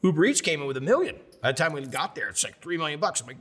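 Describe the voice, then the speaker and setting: A man in his fifties from the United States, telling stories in a lively sit-down interview and acting out the quotes. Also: medium pitch, racing, hardly any pauses, breathy edge, long reverb tail. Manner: animated storyteller who acts out quotes. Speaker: interview guest, chef.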